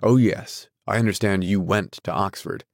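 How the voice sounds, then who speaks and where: A man's voice: low voice, fairly even intonation, moderate pace, no room sound, clean studio sound. A man voicing an arrogant wealthy husband who speaks in an incredulous, insulting, snapping way. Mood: sneering.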